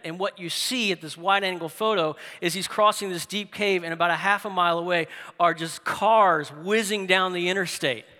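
Middle-aged guy pastor preaching, high bright voice, lots of hall reverb, goes loud then quiet. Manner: animated storytelling, swinging from loud emphasis to hushed asides. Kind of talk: sermon.

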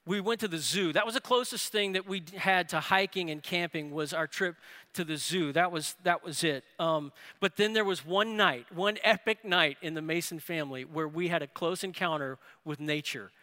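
A man preaching a sermon, telling a family story with rising excitement. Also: on the high side, normal speed. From New Orleans area. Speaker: pastor. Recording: reverberant hall.

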